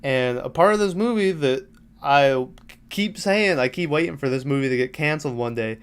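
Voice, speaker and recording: A man's voice: on the high side, moderate pace, clear, resonant tone. Casual profane man recapping a film. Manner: rambling, profane, laughs while retelling scenes. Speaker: podcast host.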